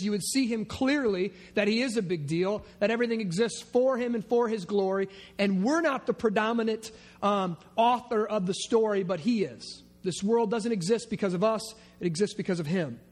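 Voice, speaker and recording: A man preaching a verse-by-verse sermon, opening with a prayer, talking conversationally with joking asides. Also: high-pitched. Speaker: pastor. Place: church sanctuary.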